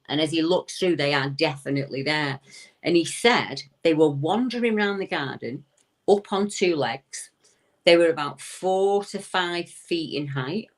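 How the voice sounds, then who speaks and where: A woman, a returning guest recounting a strange story in a chatty way with frequent hesitations. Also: sits low. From United Kingdom.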